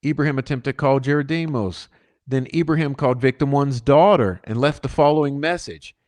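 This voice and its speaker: A man's voice: mid-range voice, brisk, darkish tone. A man with a mid-range voice reads legal filings aloud for his channel. He breaks in with emphatic commentary, and his voice rises as he drives a point home. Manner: emphatic asides, rising when stressing points. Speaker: channel host. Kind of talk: reading court documents with commentary.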